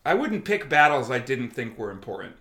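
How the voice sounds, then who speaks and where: This man's mid-range voice moves fairly quickly through an echoey room as he spins profane, animated stories, performing the quoted back-and-forth. He's in his thirties and once served as an army medic, chatting casually and cursing without restraint.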